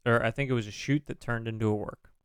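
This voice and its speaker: A man's voice: medium pitch, fairly even intonation, quick pace, clear, resonant tone, no echo, clean studio sound. A man co-hosting a podcast, talking casually about wrestling, hedging and swearing freely with many fillers. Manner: profane, hedging, thinks aloud with many fillers. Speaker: podcast co-host.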